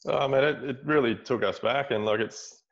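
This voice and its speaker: A man's voice: medium pitch, normal speed, gravelly, muffled recording. A middle-aged Australian man, a builder, telling a story in a casual interview, rambling with many restarts. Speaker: guest, builder running seminars.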